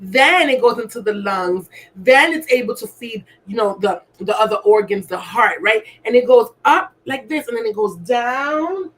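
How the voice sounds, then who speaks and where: A woman acting as an alignment coach gives a motivational wellness talk, coaxing listeners through breathing, repeatedly asking "right?", and acting out gasps as someone with asthma. Her voice is on the high side, animated, and fairly bright, at normal speed with few pauses, on a rough recording.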